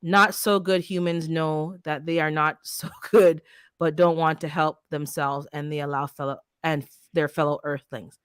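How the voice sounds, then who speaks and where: A woman hosting a gardening channel, chatting casually and telling a story with animated, heated energy. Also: sits low, normal speed, clear, resonant tone, no room sound, studio quality. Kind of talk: casual chat.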